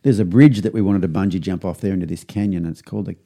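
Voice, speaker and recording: A middle-aged man hosting a podcast, telling a rambling anecdote and acting out what people said in a higher voice. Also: racing, dark tone. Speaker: podcast host. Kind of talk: casual storytelling.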